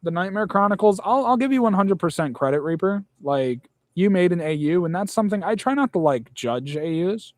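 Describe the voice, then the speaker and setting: A man's voice: high voice, lively intonation, brisk, few pauses. A young man in casual chat, blunt and rambling, swearing often.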